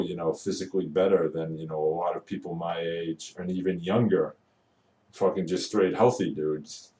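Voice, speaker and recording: A man's voice: low-pitched, darkish tone, distant mic. A man venting in a casual vlog about retail work, swearing constantly and rambling. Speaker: retail worker. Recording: roomy echo, voice away from the mic.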